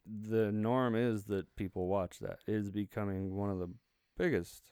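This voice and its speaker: A man's voice: lowish voice, fairly even intonation, moderate pace, warm tone, smooth, dry recording. A man co-hosting a casual podcast, blunt and emphatic in his opinions. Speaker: podcast co-host.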